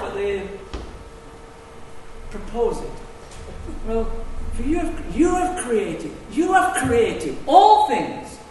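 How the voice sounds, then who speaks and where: A man preaching a sermon, swinging between hushed asides and loud, emphatic declarations. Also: extremely high pitch, noisy background. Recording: echoey hall, distant mic.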